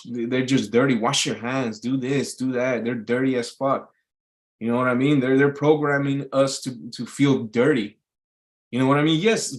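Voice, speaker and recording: A man rambling casually to his live stream audience, swearing freely and filling his talk with fillers and restarts. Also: medium pitch. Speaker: YouTube livestreamer. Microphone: live stream mic.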